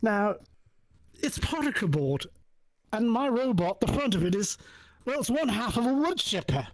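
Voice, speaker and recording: A man hosting a talk show and telling a personal story in a casual, animated way, acting out the dialogue. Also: high voice, normal speed, noisy background. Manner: animated, acts out dialogue with many restarts.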